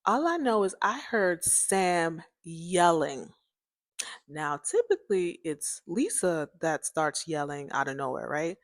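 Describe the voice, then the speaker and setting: A young woman hosting a podcast, telling a personal story in a chatty, animated way, often laughing and speaking straight to her listeners. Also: lowish voice, slow, no echo, studio quality. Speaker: podcast host.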